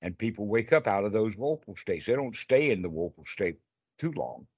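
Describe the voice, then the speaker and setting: A man's voice: fairly low pitch, big pitch swings, normal speed, darkish tone, slightly rough, no room sound. Man, meditation teacher, earnest, acts out inner voices, dry sound. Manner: earnest, repeats phrases, acts out inner dialogue. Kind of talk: spiritual teaching call. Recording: call audio.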